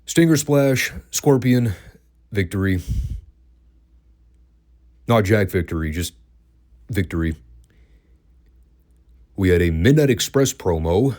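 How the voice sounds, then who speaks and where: A man's voice: low voice, darkish tone. A man hosting a casual wrestling review podcast, dry and profane, cracking himself up at times. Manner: dry, profane, laughs at his own jokes.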